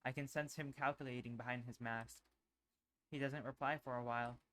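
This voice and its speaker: A male streamer reading a visual novel aloud in an expressive, unhurried way. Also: mid-range voice. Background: background music.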